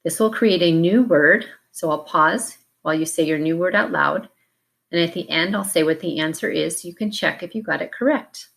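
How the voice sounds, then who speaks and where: A woman teacher leading a phonics drill, giving slow, deliberate, clearly enunciated prompts for children to repeat. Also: lowish voice, a bit bright.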